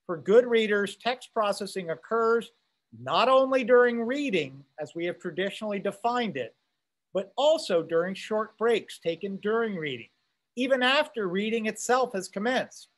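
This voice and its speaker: In another class session, he reads a passage aloud and chats about it, asking rhetorical questions and checking that his listeners are following. He speaks at a normal pace in a high-pitched, expressive voice.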